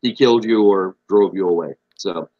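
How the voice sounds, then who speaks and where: A man's voice: deep voice, normal speed, no echo, dull audio. A young man co-hosting a podcast, laid-back and blunt, swearing freely in casual chat. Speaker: podcast co-host.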